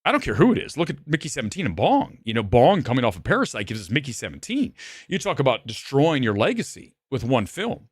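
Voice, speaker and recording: A man's voice: medium pitch, huge pitch swings, fast, husky, no echo, clean studio sound. Angry ranting man reviewing a film. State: shaking with anger. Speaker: movie reviewer. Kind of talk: live film review rant.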